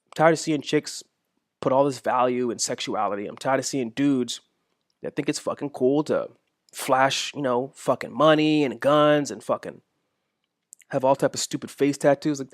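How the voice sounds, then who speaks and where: In clean studio audio with no echo, a young man rants casually on his podcast in a mid-range voice. It's a monologue full of profanity, emphatic and repetitive.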